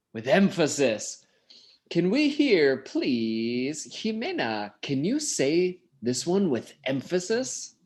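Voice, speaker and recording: A teacher leading an English class over a video call, speaking slowly and stretching out the words that matter. The pitch rises and falls a lot, each point modelled with care. Explanations switch into Spanish. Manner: slow, drawn-out emphasis on key words.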